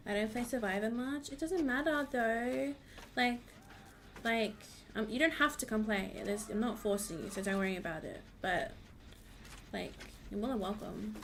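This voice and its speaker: A woman's voice: mid-range voice, a little hiss or hum. A woman streaming a game, chatting casually and bubbly with her viewers. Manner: bubbly, thanks viewers, gasps and squeals. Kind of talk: casual livestream chat while gaming.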